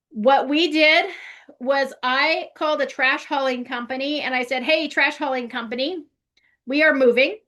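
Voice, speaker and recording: A woman's voice: high voice, fairly bright tone. A woman giving a casual real estate training talk, chatty and conversational, often checking in with "right?". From California.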